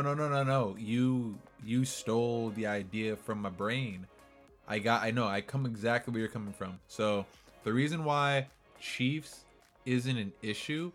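A man in his twenties riffing with a friend, crude and quick to laugh, with his voice jumping up loud when something surprises him. His voice sits at an ordinary middle pitch. Faint music plays underneath. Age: 20s. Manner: loud, laughing, profane banter. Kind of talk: casual chat.

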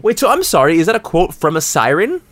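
Crude, joking young man with a lively voice. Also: fairly high pitch, quick pace. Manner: crude, joking, laughs a lot. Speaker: podcast co-host. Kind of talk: casual podcast chat.

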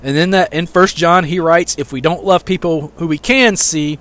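Brief: middle-aged male pastor, slightly high voice, casual sermon delivery that swells on key points. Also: moderate pace, fairly bright tone. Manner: conversational preaching with fillers and repeated lines.

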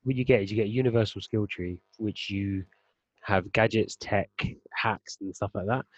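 A man's voice: lowish voice, normal speed, no echo, lo-fi sound. A young man in casual gaming chat, explaining at length and laughing often as a podcast co-host.

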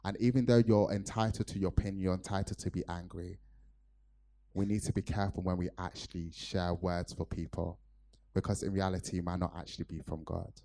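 Male preacher from Nigeria, low voice, earnest storytelling sermon. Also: fairly even intonation, fairly quick, warm tone.

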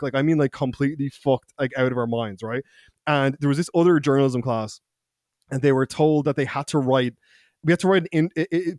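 A man's voice: a little high, darkish tone, dry recording, studio quality. A profane, laughing man with a raised voice. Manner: profane, laughing, quotes people in put-on voices. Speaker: podcast co-host. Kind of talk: casual storytelling.

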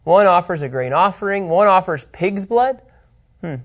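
A man teaching an informal Bible lesson, animated and chatty, often checking in with his listeners and his co-host. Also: high voice, moderate pace.

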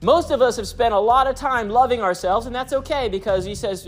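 A man's voice: very high-pitched, animated, fairly quick, few pauses, soft background music. A man preaching through a personal story, chuckling often as he talks. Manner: chuckles often while telling stories. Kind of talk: storytelling sermon.

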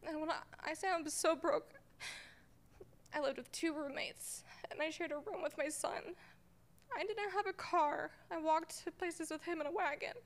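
A woman's voice: sits high, steady tone, moderate pace, gravelly. A young woman giving a personal testimony in church on a handheld mic, hesitant and full of fillers. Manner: hesitant, with fillers, tearful at moments. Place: church sanctuary.

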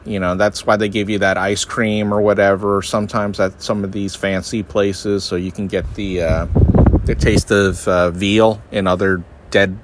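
A man's voice: flat delivery, normal speed, noisy background. Rambling, wry man on a podcast. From Northeastern United States. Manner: rambling, self-deprecating, jumps into high-pitched mocking voices for others. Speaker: podcast host. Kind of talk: casual comedic monologue.

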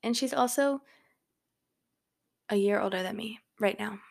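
On her home microphone, a young woman hosts a solo podcast from her bedroom in a medium-pitched, creaky voice. She talks at a measured pace, her chatter rambling and heavy with fillers.

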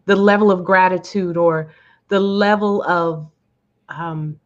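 A woman's voice: on the low side, steady tone, slow pace. An earnest woman guest speaker talks in a heartfelt way and repeats her words for emphasis. Her voice comes through as slightly dull, lo-fi audio. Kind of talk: interview answers.

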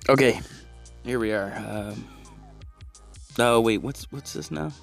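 A man's voice: medium pitch, slow pace, vocal fry, faint music behind, pitched above the performer's own voice. A man playing a flustered caller who fakes being clueless about his computer, stammering and apologizing as he rambles. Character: flustered clueless man faking computer trouble on a phone call.

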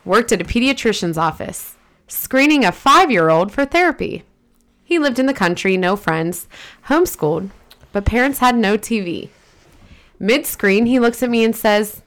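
A woman's voice: fairly high pitch, expressive, normal speed. A woman in her thirties, a podcast co-host who reads listener stories aloud and chats casually, laughing easily.

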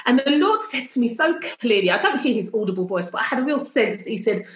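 A chatty middle-aged woman tells a story from home, pitched a little high. She breaks off mid-thought and picks the thread back up. The sound carries a roomy echo from a video call. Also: fast, few pauses. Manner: chatty, animated, self-interrupting. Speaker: worship leader.

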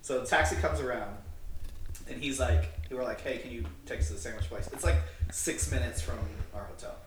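A male podcast co-host with a medium-pitched voice speaks briskly, telling a rambling, casual story full of filler words and acted-out dialogue. The recording is roomy, with a distant mic and faint noise.

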